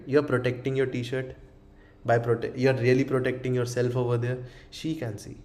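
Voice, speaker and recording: A man's voice: mid-range voice, darkish tone. A man teaching a coaching seminar. He acts out little scenes, swears freely and keeps asking the room rhetorical questions. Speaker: dating coach.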